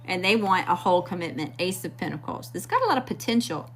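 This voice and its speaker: A woman's voice: on the low side, lively intonation, fast talker, fairly bright tone, a little hiss or hum. A woman from Mississippi with a Southern accent, giving a blunt, slangy live tarot reading straight to her viewers. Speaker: tarot reader.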